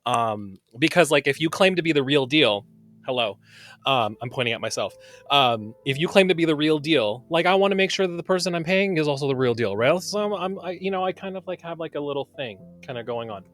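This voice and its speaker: A man co-hosting a podcast, chatting casually as a tarot reader, expressive and swearing, with many fillers and restarts. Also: fairly high pitch, a little fast, faint music behind. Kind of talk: casual chat.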